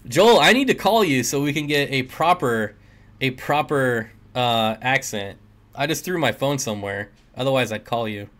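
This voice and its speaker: A man's voice: medium pitch, animated, normal speed, fairly bright tone. A man hosting a casual livestream, reading chat comments aloud and joking with viewers, often laughing. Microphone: desk mic.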